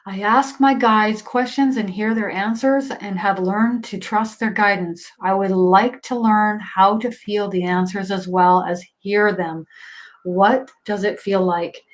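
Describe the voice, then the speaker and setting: A woman's voice: mid-range voice, steady tone, unhurried. A woman medium talks in a loose, conversational way on a livestream. She fills her sentences with ums and likes, and she laughs easily between thoughts. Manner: chatty, laughs often, many fillers. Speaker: psychic medium. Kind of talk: casual livestream reading.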